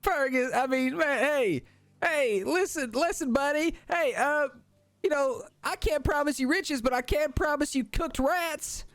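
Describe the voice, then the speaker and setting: A game master voicing Dom, a laid-back male kobold pal, in a high drawling voice with a dry close sound. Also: measured pace, fairly bright tone, dry recording. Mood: coaxing. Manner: high-pitched, drawling, laughing.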